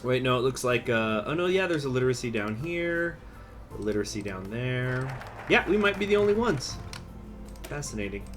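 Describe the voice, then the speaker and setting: Brief: male let's-play host, casual and digressive, mid-range voice, quiet music bed. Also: medium pitch, animated, normal speed. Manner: rambling, chatty, lots of fillers and asides. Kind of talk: casual gameplay commentary.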